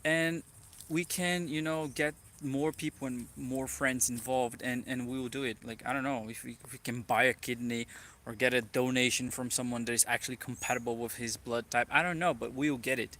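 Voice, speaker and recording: A man's voice: mid-range voice, fairly even intonation, moderate pace, bright, forceful tone, slight background noise. A man from Brazil with a Brazilian Portuguese accent, talking in a rambling, earnest personal vlog, full of "like" fillers. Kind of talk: reflective personal vlog monologue.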